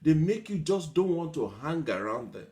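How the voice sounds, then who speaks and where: A man's voice: on the high side, big pitch swings, moderate pace, darkish tone. A man giving a motivational talk, stacking up long repetitive lists of examples, mimicking whiny complainers and laughing lightly between points. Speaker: motivational speaker.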